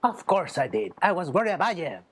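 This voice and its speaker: A man reading a stern, low father. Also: sing-song, a little fast, a little hiss or hum. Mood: reassuring. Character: stern middle-aged male father figure.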